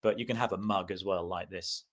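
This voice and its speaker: Relaxed British man in casual chat. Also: deep voice, brisk. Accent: British English. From Britain. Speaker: podcast co-host.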